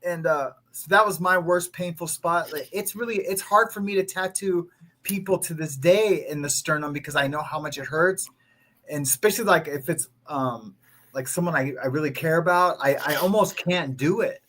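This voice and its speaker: Male tattoo artist guest, higher pitch, rambling casual talk. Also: moderate pace, fairly bright tone. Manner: chatty with many fillers and restarts. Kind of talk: casual chat.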